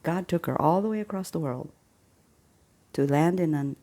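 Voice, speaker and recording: A woman casually retelling a film plot, an animated storyteller who chuckles and drops into hushed asides. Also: low voice, moderate pace. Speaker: faith channel host.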